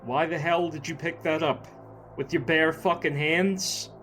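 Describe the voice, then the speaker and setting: A man's voice: fairly high pitch, fairly even intonation, a little slow, fairly bright tone, soft background music. Hot-tempered male agent, furious and cursing, played by a man. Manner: angry, profane.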